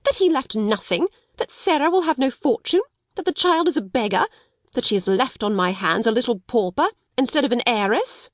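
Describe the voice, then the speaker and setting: A woman's voice: sing-song, normal speed, no echo, studio quality. A woman voicing a haughty schoolmistress. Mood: shocked, indignant. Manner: indignant, haughty, rising to shrill alarm. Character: stiff proud schoolmistress, middle-aged woman.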